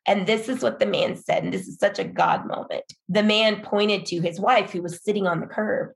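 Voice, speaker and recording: A woman's voice: medium pitch, moderate pace, gravelly, few pauses. A middle-aged woman, a pastor's wife, telling her story in an earnest, emphatic, encouraging way on a faith podcast. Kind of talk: faith-based podcast conversation.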